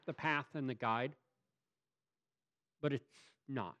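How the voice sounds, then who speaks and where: A man preaches a sermon in a voice that sits a little high. He is emphatic, rising loud and dropping to a hush, and keeps putting rhetorical questions to his congregation. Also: slow, pauses often, muffled recording. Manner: emphatic, swinging from loud to hushed. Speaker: pastor.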